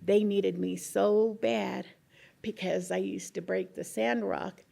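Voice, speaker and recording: A woman's voice: medium pitch, steady tone, slow pace, warm tone. An older woman, a retired coal miner, telling earthy stories in an oral history interview, swearing freely and laughing often. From Colorado. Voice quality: gravelly, husky.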